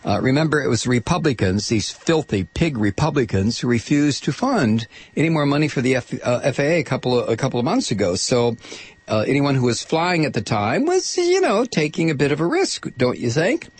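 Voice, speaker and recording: A man hosting a political talk radio show, reading news in a sarcastic, animated way that climbs into outraged shouting. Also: medium pitch, brisk, breathy edge.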